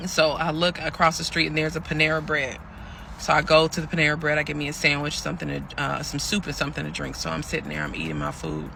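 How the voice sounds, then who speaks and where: A man's voice: on the high side, fast talker, creaky, pushed and bright, slight background noise. A man voicing a weary, aggrieved pregnant woman. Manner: chatty, addresses listeners as y'all, acts out quoted lines. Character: pregnant young woman telling her story, weary and hurt. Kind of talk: storytelling monologue.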